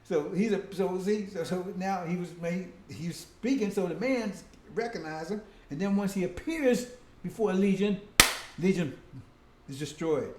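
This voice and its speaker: A man's voice: high-pitched, a little slow, mellow, roomy sound. A man preaching a casual, conversational sermon, often breaking in with "see?" and "right?".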